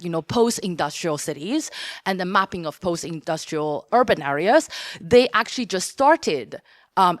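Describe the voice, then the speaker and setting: A woman's voice: fairly low pitch, fairly bright tone, no room sound, studio quality. A woman speaking on a conference panel, talking casually with lots of fillers and restarts. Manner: hesitant, many fillers and restarts. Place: conference room.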